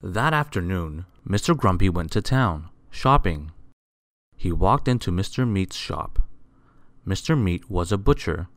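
A man reading a children's picture book aloud, expressive and asking the listener questions. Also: deep voice, unhurried, dry recording. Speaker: storyteller.

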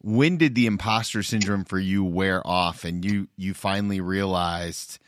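A man's voice: low voice, measured pace. A man hosting a podcast interview, asking searching questions with frequent stumbles. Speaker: podcast host. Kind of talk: interview conversation.

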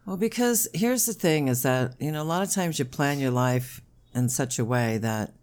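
Middle-aged mother, lively storyteller, laughs easily, swears freely, casual podcast chat. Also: a bass voice. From Pennsylvania, USA. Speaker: mother of the host, guest.

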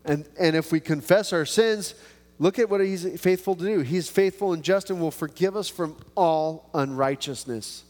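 A man's voice: on the high side, moderate pace, darkish tone, long reverb tail. A man preaching a sermon in a casual, self-mocking way, acting out little prayers and conversations. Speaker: pastor.

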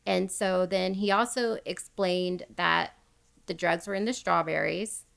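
A woman's voice: fairly low pitch, fairly even intonation, a little slow, vocal fry, fairly bright tone. A woman hosting a casual podcast, retelling a true crime story in a chatty way and laughing often. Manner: chatty, laughs often, quotes people as she tells.

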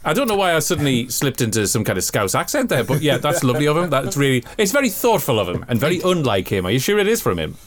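A man's voice: medium pitch, big pitch swings, fast talker, few pauses. A man co-hosting a podcast in chirpy, playful casual chat. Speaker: podcast co-host.

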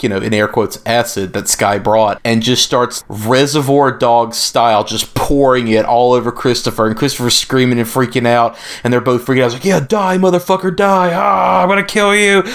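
A man casually recapping a movie with a co-host, animated and swearing, often acting out the characters' lines. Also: medium pitch. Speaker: podcast co-host. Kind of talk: casual film recap chat.

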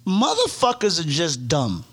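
Teasing man co-host with a lively voice. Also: fairly high pitch, a little slow, breathy edge. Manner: teasing, joking, lots of laughing asides. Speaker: podcast co-host. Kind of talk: casual chat.

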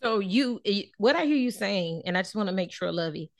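A woman's voice: mid-range voice, expressive, fairly quick, no echo. A woman hosting a casual podcast conversation, asking questions in a playful way and laughing often. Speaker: podcast host.

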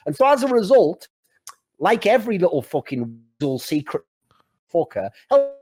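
Lively casual man chatting. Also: high voice, moderate pace. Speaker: podcast co-host. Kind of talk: casual storytelling chat.

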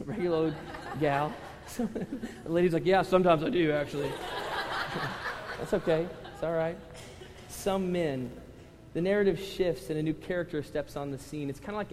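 A male pastor preaching to a congregation, conversational with loud impassioned rises. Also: on the high side. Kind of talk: sermon. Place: church hall with congregation. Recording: reverberant hall with faint ambience.

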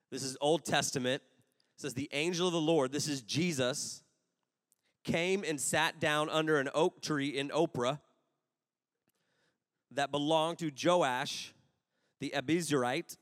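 A man's voice: a little high, fairly bright tone, clean studio sound. A young adult man preaching a sermon, telling personal stories in a casual, humorous way with rambling asides. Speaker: pastor. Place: large room with an audience. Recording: long hall reverb.

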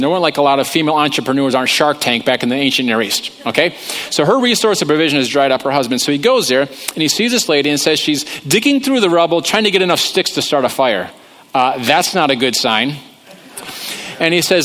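A man's voice: fairly high pitch, animated, fast talker, fairly bright tone. A man preaching a humorous sermon, talking conversationally and joking about himself. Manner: joking, conversational, self-deprecating. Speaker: pastor.

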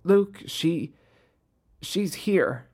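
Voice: medium pitch, lively intonation, extremely slow, a little mellow, faint music behind, pitched above the performer's own voice. A storyteller voicing a frightened teenage boy who speaks from a dry mouth, almost in a whisper.

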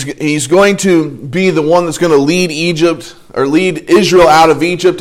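A man teaching an adult Bible study, talking in a conversational way with restarts and asides, then reading scripture aloud slowly. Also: on the high side.

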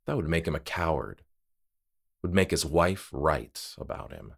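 A man narrating a horror short story in a somber, measured way. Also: a bass voice, big pitch swings, gravelly, husky.

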